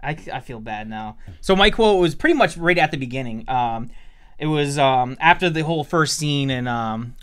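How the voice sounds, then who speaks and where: Rambling relaxed man in a movie chat. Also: medium pitch, normal speed, smooth. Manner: relaxed, rambling, filler-heavy. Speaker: podcast co-host.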